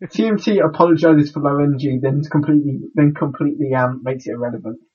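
Husky-voiced man, halting podcast chat. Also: fairly high pitch, darkish tone, dull audio. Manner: halting, stumbles over words. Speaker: podcast co-host.

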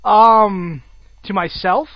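A man's voice: high voice, steady tone, very slow, no echo. A young man in casual chat, telling crude stories and laughing often. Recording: dull lo-fi sound, dry.

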